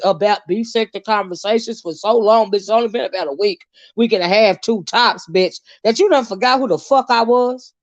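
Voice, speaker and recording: Profane ranting woman, high voice. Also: dry recording, dull audio. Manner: profane, heated, swinging pitch. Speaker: online commentator. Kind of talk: ranting live-stream commentary.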